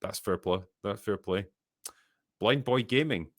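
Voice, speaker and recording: A man's voice: on the low side, measured pace, dry recording. A Scottish man hosting a casual podcast, reading viewer messages aloud and answering with dry, profane, sardonic remarks. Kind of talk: casual chat.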